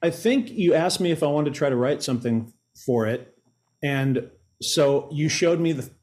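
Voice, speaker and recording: Man, songwriter guest, easygoing and reflective, somewhat high voice. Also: animated, moderate pace, a little mellow. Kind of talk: casual interview recollection.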